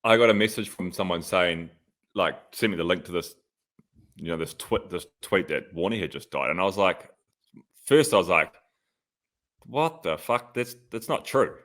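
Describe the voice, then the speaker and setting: A man's voice: sits low, normal speed, fairly bright tone. A man, a podcast co-host and former pro cyclist, telling stories in casual chat, full of "like" fillers. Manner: storytelling, lots of "like" fillers.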